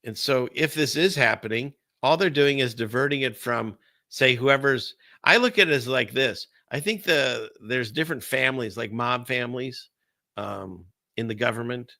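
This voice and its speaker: Gravelly, sarcastic male stream host. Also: medium pitch, normal speed, sharp tone, dry recording, studio quality. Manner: rambling, sarcastic, laughs between remarks. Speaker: host of a political commentary stream. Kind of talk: casual livestream commentary.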